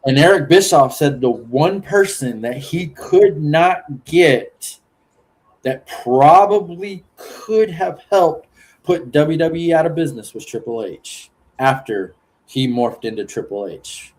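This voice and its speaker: A man's voice: a little high, expressive, takes it slowly, darkish tone. A man hosting a casual podcast chat, rambling and swearing freely, often laughing. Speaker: podcast host.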